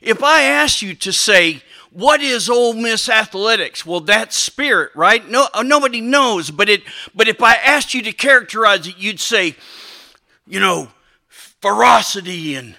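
Bright, emphatic preacher man. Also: high voice, unhurried. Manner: animated, emphatic, many restarts and asides. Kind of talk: sermon.

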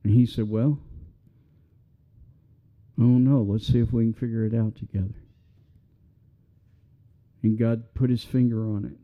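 In a sermon, a middle-aged male pastor speaks at a typical male pitch, earnest and conversational, building into passionate appeals. His tone stays steady and his pace measured, with frequent pauses. The recording sounds a little dull and lo-fi.

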